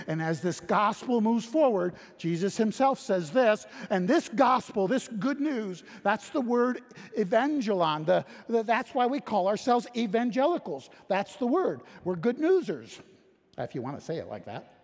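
Brief: male pastor, emphatic sermon delivery, raised pitch, echoing hall sound. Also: animated, a little slow, a little mellow, slightly rough. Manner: emphatic preaching with frequent repetitions and restarts.

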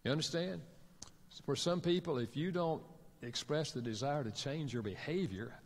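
A man's voice: a little high, normal speed, big-room sound. A man preaching a sermon as a pastor and counselor, telling stories and acting out what couples say to each other. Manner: storytelling, acts out quoted couples in dialogue.

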